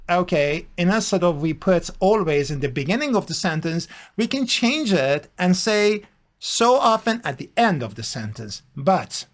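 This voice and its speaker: Guy teaching grammar, talks real slow, keeps repeating stuff for emphasis. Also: high voice. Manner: slow, repetitive, emphatic teaching with many fillers. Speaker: English teacher. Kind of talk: grammar lesson explanation.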